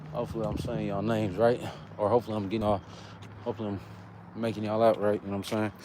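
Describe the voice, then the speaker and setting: A man's voice: medium pitch, a little mellow. An American man chatting casually with slang to livestream viewers while walking outdoors for cardio. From United States. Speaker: fitness vlogger. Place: outdoors on an urban street, walking. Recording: faint traffic noise outside.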